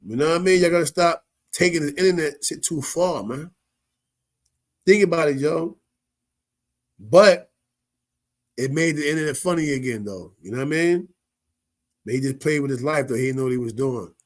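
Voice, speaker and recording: A man's voice: fairly high pitch, normal speed, long pauses. A man giving casual, slangy commentary as a show host, often laughing and asking "you know what I mean". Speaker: show host reacting to viral clips.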